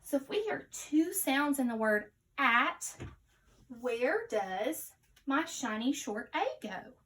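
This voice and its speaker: A woman teaching a phonics lesson to young children, speaking in slow, encouraging, sing-song teacher talk and sounding out letters and words. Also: high-pitched, big pitch swings, a bit bright.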